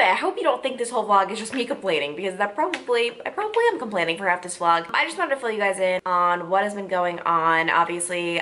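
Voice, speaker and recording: A woman's voice: fairly low pitch, pushed and bright, a little hiss or hum. A woman in her twenties chatting casually to camera in a vlog, talkative and dramatic, full of "like". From Long Island, New York. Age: 20s. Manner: chatty, lots of "like", frustrated and dramatic. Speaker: vlogger.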